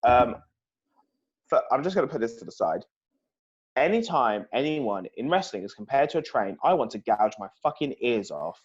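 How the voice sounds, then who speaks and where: A man's voice: mid-range voice, very animated, normal speed. A man co-hosting a casual review podcast who rants with profane exasperation. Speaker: podcast co-host. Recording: slightly dull lo-fi audio.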